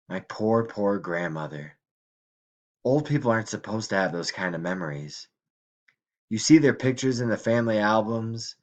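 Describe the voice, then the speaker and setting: Quiet, reflective male story narrator. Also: on the low side. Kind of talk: audiobook reading.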